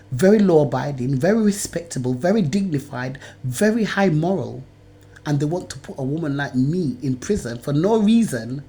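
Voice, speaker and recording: A woman's voice: deep voice, animated, a little fast, mellow. A woman in an agitated monologue to camera, her words tumbling out in long run-on chains. She repeats herself, restarts phrases and drops curses freely as she rambles on. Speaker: video blogger.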